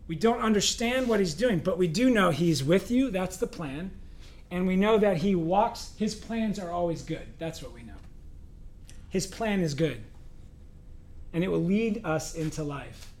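A male pastor preaching a conversational sermon, asking the congregation questions and acting out quoted voices. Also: sits high.

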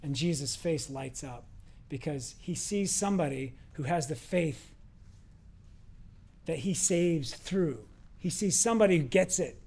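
Man, pastor, high voice, casual animated sermon, acts out quotes. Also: a little slow, slightly rough. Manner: conversational, animated storytelling with acted quotes.

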